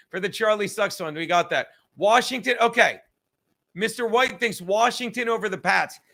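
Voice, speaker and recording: Host, male, high bright voice, profane rambling livestream chatter, self-mocking. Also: measured pace, creaky. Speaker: podcast host reading live chat. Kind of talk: casual crude livestream chat.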